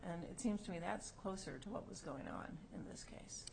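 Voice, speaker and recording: A woman's voice: on the low side, normal speed, gravelly, a little mellow, in a whisper, poor audio. A woman judge questioning an attorney at oral argument with pointed, probing questions. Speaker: appellate judge.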